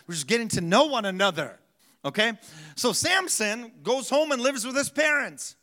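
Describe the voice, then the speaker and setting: A man's voice: extremely high pitch, animated, normal speed, pushed and bright. A man preaching a sermon as pastor, in a conversational way that keeps asking the congregation questions.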